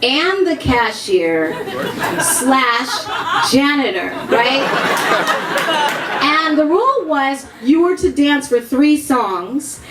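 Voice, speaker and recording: A woman tells a profane comic story live before an audience, frank and dropping deadpan asides. Her voice sits high and takes its time. The hall is roomy and audience noise murmurs behind her. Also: slow, a loud crowd.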